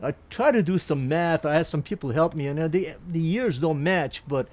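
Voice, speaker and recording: This older man from Turkey speaks Turkish natively and has a fairly high, darkish voice at normal speed. He's telling a meandering story in an interview, full of false starts and laughter.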